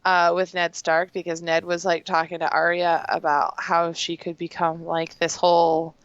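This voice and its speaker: Smooth-voiced woman in a dry, dull-sounding recording. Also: on the low side, completely flat delivery, normal speed, dry recording. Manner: chatty retelling with bits of quoted dialogue. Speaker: podcast co-host. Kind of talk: casual chat recapping a TV episode.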